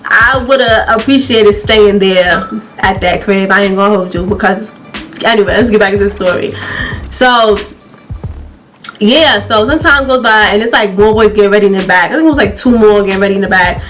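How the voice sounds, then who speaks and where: A young adult woman vlogger in a casual storytime, chatty and animated, often breaking into laughter. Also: mid-range voice, fairly quick, faint music behind.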